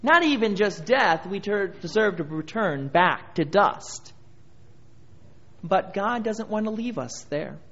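Male pastor, sermon delivery, reads scripture with mounting emphasis; high voice, lo-fi sound. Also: expressive, slow, bright, forceful tone. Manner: preaching with rising emphasis and scripture reading.

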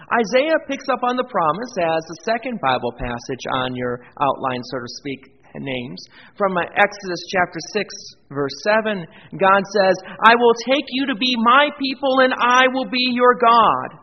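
A male pastor preaching a sermon, lifting his voice on scripture quotes and dropping low for quiet asides. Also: animated, normal speed, few pauses. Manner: earnest preaching, swells in volume on scripture quotes; drops to a quiet, low aside for self-deprecating remarks. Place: church. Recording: dull, lo-fi sound in a reverberant church hall with faint noise.

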